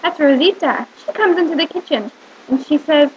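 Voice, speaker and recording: A woman teacher reading a picture book aloud to young children, with animated storytelling and questions to the listener. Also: sits high, normal speed, muffled recording, very noisy.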